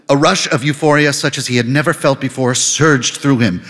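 A man reading an audiobook novel aloud in scripted narration, with a lively, dry delivery. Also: mid-range voice, normal speed, few pauses, long reverb tail.

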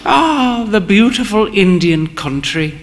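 A man reading a story, voicing a frail, proud old woman in furs with a high, quavering and theatrical voice. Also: huge pitch swings, slow, a bit bright, heavily acted. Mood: arch, dramatic. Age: older.

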